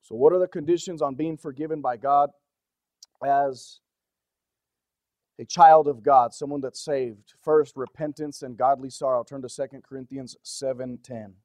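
A man preaching a sermon in an earnest, conversational way, often asking the congregation questions and shifting between soft, low-key passages and urgent emphasis. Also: steady tone, moderate pace, no room sound, studio quality. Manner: drops to a soft, low-key delivery for stretches, then rises with urgency.

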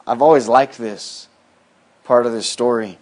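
A man preaching a sermon, moving between loud, high-pitched emphatic lines and low, quiet asides. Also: steady tone, a little slow. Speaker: pastor.

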